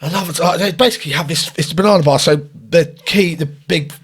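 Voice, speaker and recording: A man, a podcast co-host chatting bluntly and excitably. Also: a little high, fast, breathy edge. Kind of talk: casual chat.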